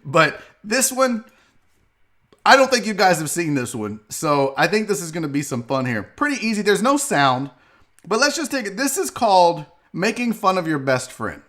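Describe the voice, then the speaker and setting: A man hosting a live online sports and comedy show, his voice bright and sharp. His pitch swings widely as he rambles to viewers by name and swears freely. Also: big pitch swings, normal speed. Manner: loud, profane and joking, often laughing and shouting while reacting to clips. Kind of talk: casual live-stream commentary.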